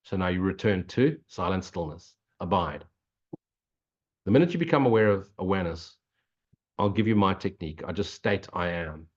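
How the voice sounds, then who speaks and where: A man's voice: low voice, animated, moderate pace, a little mellow. An older man giving an earnest, preachy spiritual talk, answering questions and dropping in blunt swearing. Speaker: spiritual teacher. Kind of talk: spiritual Q&A monologue. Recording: dull lo-fi recording.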